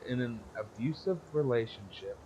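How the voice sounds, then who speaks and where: A man's voice: mid-range voice, expressive, moderate pace, mellow, highs cut off, a little hiss or hum. A young man casually telling a story on a podcast, blunt and profane, rambling and laughing as he goes. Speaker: podcast co-host.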